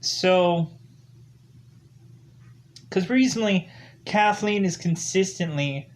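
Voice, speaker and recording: A man's voice: high-pitched, takes it slowly. A man giving a casual, rambling spoken film review, leaning heavily on fillers like "ultimately" and "like". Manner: loosely acts out characters' lines in quotes.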